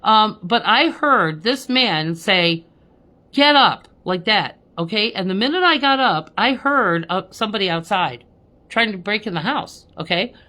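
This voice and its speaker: A woman's voice: mid-range voice, expressive, normal speed, pushed and bright. A woman working as a spiritual medium, chatting on a live stream with viewers, laughing often and ending lines with "okay?".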